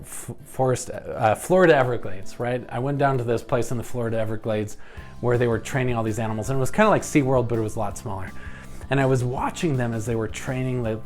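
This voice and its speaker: Young male relationship coach, mid-range voice, animated and direct, slips into playful quoted voices, soft music bed. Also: mid-range voice. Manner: animated, acts out his own thoughts in quoted voices; earnest, addresses women viewers directly. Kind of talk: advice talk to camera.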